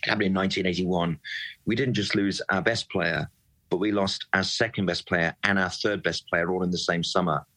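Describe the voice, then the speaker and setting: A man's voice: low-pitched, steady tone, fairly quick, pushed and bright, poor audio. A man, talking with passion and emphasis as a football fan guest in a podcast conversation, often repeating words as he gets worked up. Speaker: football club supporter guest.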